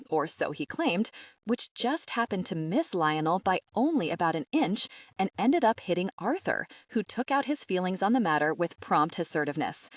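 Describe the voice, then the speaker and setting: A woman reads a first-person novel aloud with an expressive storyteller's delivery. Her voice sits low but moves through a wide, lively range of pitch. The recording is close and dry, with no room sound. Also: dry recording. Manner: expressive storytelling, voicing the characters' lines. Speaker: audiobook narrator. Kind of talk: first-person audiobook narration.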